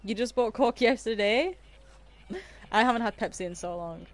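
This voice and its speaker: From her room at home, a woman livestreams a game while chatting casually and giggling with viewers. She speaks at a moderate pace in a slightly high voice.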